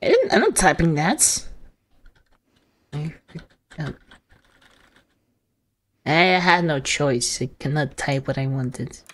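A woman hosting a gaming channel, reading game text aloud and commenting in a soft, low-key way with sudden startled yelps. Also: big pitch swings, takes it slowly, long pauses.

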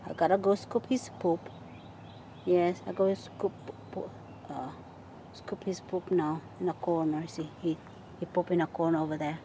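A woman chatting casually while she walks through her backyard garden, sometimes calling to her pet rabbit in a high sing-song voice. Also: fairly even intonation, normal speed, warm tone. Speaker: vlogger giving a garden tour. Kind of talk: casual chat while walking. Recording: outdoor phone video with faint nature noise.

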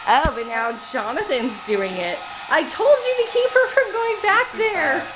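A young woman with a high, lively voice chats casually to the camera and coos baby talk to her dog. Her pitch swings up and down as she talks, and clear background noise runs under the handheld recording. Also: a little slow. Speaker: vlogger. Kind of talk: casual family vlog. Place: home, then in a car. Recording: noisy handheld camera audio.

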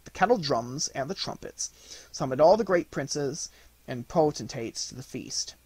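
A man's voice: mid-range voice, a little slow, slightly rough, no room sound. A man reading a classic fairy tale aloud as an audiobook narrator, telling it expressively. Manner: expressive, lively storytelling. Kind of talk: storybook narration.

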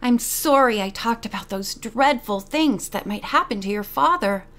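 A woman's voice: on the high side, animated, normal speed, fairly bright tone. A woman reading as a fretful motherly housekeeper. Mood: soothing. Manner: fretful, fussing. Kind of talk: audiobook reading.

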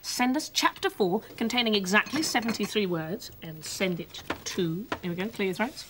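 A woman's voice: medium pitch, normal speed, over a noisy crowd, lightly acted. An actress playing a chatty, eccentric English landlady in a 1980s children's TV drama, jokey and easily flustered. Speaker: householder of number seventy-three.

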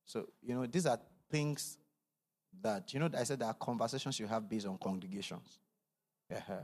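Male pastor addressing his church, preacherly delivery, mid-pitched voice. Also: normal speed, long reverb tail. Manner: preacherly, rising to loud declarations; calm, low announcements. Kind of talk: church service address and declarations. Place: church auditorium.

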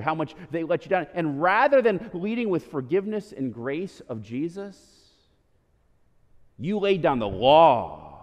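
A male pastor in his thirties preaching a sermon, animated and full of asides. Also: on the high side, in a large hall. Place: church sanctuary.

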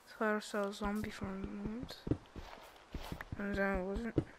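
A woman's voice: mid-range voice, little pitch movement, a little slow, background noise. A young woman giving casual, chatty commentary while playing a video game, thinking aloud and bursting into laughs and squeals. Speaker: gamer. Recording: game music behind the voice.

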